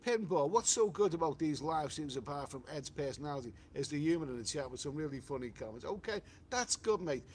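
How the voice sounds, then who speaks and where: A man with a Liverpool accent chats casually on a travel live stream, reading out viewers' comments and answering them. His voice sits a little high, and he rambles, trips over his words and restarts often, filling gaps with "you know". A faint hiss runs under the recording. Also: lively intonation, brisk, hardly any pauses, darkish tone.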